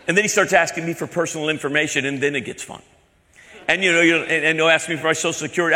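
A man doing stand-up, telling a story in an animated, rapid way on stage in a large hall. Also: on the high side. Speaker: stand-up comedian.

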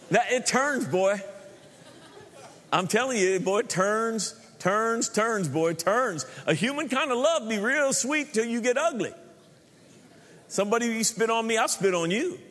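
A man's voice: high-pitched, expressive, a little slow, pauses often, fairly bright tone. A middle-aged male preacher giving a joking sermon, often repeating words as he builds his points to a congregation. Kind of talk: sermon with humor. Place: large church hall. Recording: long hall reverb.

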